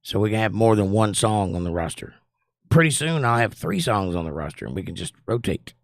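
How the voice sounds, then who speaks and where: A hoarse man from North Carolina hosting a casual livestream chat, joking and rambling with viewers. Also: on the low side, sing-song, brisk, no echo, studio quality. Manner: joking, rambling, does silly voices. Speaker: livestream host.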